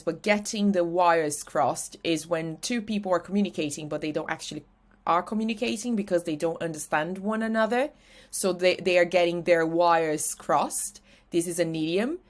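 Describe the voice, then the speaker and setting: Brazilian woman teaching English, low voice. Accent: Brazilian Portuguese. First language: Portuguese. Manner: slows to spell letters out clearly. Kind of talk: English lesson with slides.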